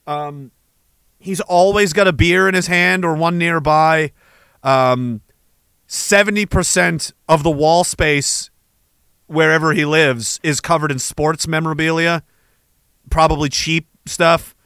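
A man's voice: fairly high pitch, unhurried, bright, forceful tone, smooth, dry recording, studio quality. A man from Canada rambling through a sarcastic, profane comedic rant, laughing between his thoughts. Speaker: vlogger.

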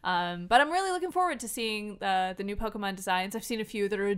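A woman co-hosting a casual gaming podcast, animated, laughing often and acting out her own reactions. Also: medium pitch, fast, clear, resonant tone. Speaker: podcast co-host. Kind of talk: casual chat.

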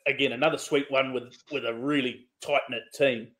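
A man's voice: medium pitch, fairly even intonation, moderate pace, a bit bright. A man with a New Zealand accent hosting a casual podcast interview, chatty and laughing along with his guest. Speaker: podcast host.

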